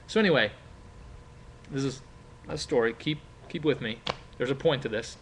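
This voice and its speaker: In a classroom, a man explains material and uses role-play, chatting casually with lots of fillers and rhetorical questions. His mid-range voice is a bit bright and moves at a moderate pace with long pauses. There's a little hiss or hum.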